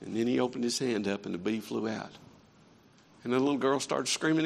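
A man preaching a sermon in a church, swinging between quiet earnest stretches and fervent raised passages. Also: medium pitch, fairly quick, vocal fry, big-room sound. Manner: impassioned preaching with rising and falling intensity. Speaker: pastor. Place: church sanctuary.

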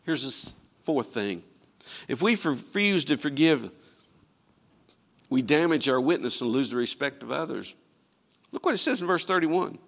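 A man's voice: mid-range voice, expressive, unhurried, vocal fry, long pauses, a bit bright. A man preaching a sermon emphatically, calling out to his congregation for responses. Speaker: pastor.

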